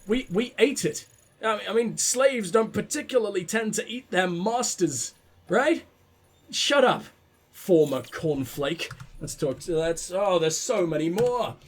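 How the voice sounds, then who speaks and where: A man's voice: high voice, unhurried. A man hosting a game playthrough, reading in-game text aloud and breaking off for casual, profane, joking asides, often stumbling and restarting his lines. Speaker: let's play host.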